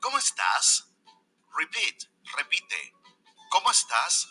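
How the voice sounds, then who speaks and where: A zany marshmallow professor played by a man leads a kids' Spanish video in a sharply bright, husky voice. The pitch leaps wildly up and down while he drills words slowly. Faint music plays behind him. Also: wildly swooping pitch, exaggerated voice. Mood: teaching. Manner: exaggerated, sing-song, repetitive drills. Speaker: video teacher character.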